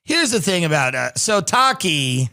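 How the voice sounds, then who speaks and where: Bright, high-voiced sardonic male podcast host. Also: sing-song, measured pace. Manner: sardonic, reads news articles aloud and riffs on them. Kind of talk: comedic commentary.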